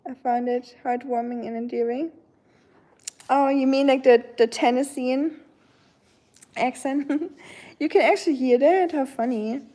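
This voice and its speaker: Woman, German accent, mellow tone, rambling livestream chat, at home. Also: high-pitched, fairly even intonation. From Germany, near the French border. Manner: chatty and rambling, often pausing on "um", breaking off to soothe her dog. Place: at home with her dog.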